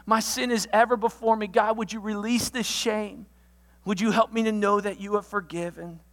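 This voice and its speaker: A pastor giving a sermon, walking through a numbered list of alliterative points with energetic delivery and sudden loud outbursts. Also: mid-range voice, moderate pace, long reverb tail. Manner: lists points with alliterative words.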